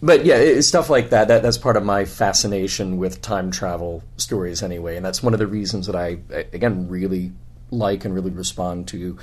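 A man's voice: low voice, fairly quick, husky. A male podcast host, his voice scratchy after a weekend convention, musing enthusiastically in casual conversation from a hotel room. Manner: musing, enthusiastic, restarts often.

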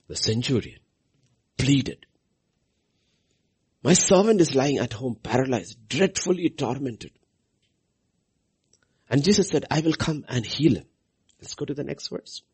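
Husky preacher man with swooping delivery. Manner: preaching with big swings in pitch and loudness, repeating phrases for emphasis. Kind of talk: sermon.

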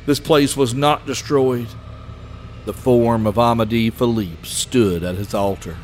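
Male storyteller narrating a dark tale. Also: mid-range voice, slight background noise. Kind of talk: scripted narration.

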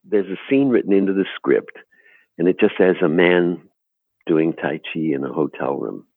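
Very deep gravelly husky man. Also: expressive, moderate pace, no echo, narrow, tinny audio. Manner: laughing, storytelling, self-deprecating. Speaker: actor guest. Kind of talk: anecdotal interview chat.

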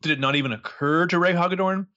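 A man's voice: fast, muffled recording. A man co-hosting a casual podcast chat, recapping a TV episode and acting out the characters' lines. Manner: animated, acts out characters' lines with big pitch jumps.

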